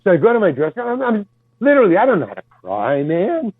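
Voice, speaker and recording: Speaking fast in a high, breathy voice with huge swings in pitch, an older guest actor tells meandering anecdotes. He stammers, starts over, and swears casually, all captured on a dry, tinny, phone-quality recording.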